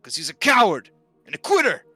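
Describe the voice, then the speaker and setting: A man voicing a scornful, jealous rival who mocks loudly and sneeringly. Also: sits high, huge pitch swings, fairly quick, slightly rough, dry recording, faint music behind, voice pushed up, full character voice. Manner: mocking, loud and sneering.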